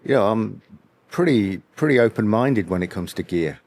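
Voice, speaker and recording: A man's voice: on the low side, lively intonation, normal speed, a little mellow. A man co-hosting a podcast, talking in an agreeable, hesitant way full of "you know" fillers. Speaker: podcast co-host. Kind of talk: casual chat.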